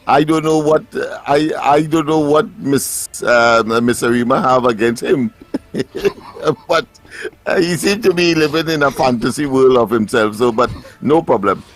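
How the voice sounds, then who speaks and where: Wry radio commentator. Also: male voice, mid-range voice. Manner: wry, measured, dry chuckles.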